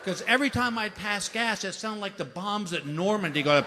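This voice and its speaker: Animated stand-up comedian, high lively voice. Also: male voice, normal speed, long reverb tail. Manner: animated, acts out voices with big loud outbursts. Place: comedy stage before a laughing audience. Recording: live show with clear audience noise.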